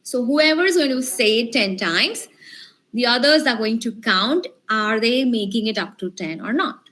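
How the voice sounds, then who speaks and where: High-voiced upbeat woman trainer. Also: normal speed. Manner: encouraging, lively, asks the group questions. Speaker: communication skills trainer. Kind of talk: online workshop lecture. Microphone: video call.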